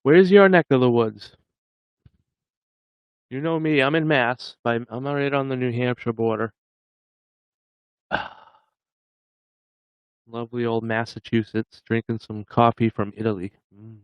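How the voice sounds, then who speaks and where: A man's voice: medium pitch, steady tone, a little slow, pauses often, clean tone, no room sound, highs cut off. A man hosting a livestream, chatting casually with viewers in a rambling way and chuckling often. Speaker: livestream host.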